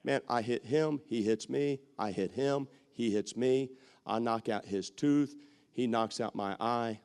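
Bantering with his congregation, a preacher repeats phrases to drive points home and now and then breaks into shouts. He has a smooth, medium-pitched voice and speaks a little slowly.

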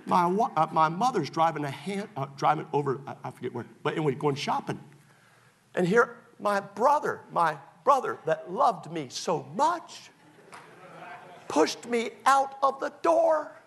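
A male pastor preaching a sermon through personal stories, swinging between loud excited bursts and hushed confessions. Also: fairly high pitch, normal speed, gravelly, slightly rough.

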